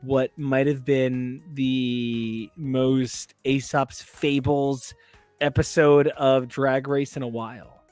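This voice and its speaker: A man hosting a podcast in casual chat, telling long, animated stories with lots of fillers. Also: mid-range voice, takes it slowly, no room sound, faint music behind. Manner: rambling, animated storyteller. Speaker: podcast host.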